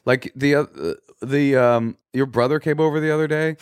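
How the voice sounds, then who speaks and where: A man co-hosting a podcast in casual chat, telling stories with lively, shouted impressions. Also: moderate pace, clean tone, no room sound, clean studio sound. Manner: animated storyteller, shouts quoted lines in a high voice. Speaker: podcast co-host.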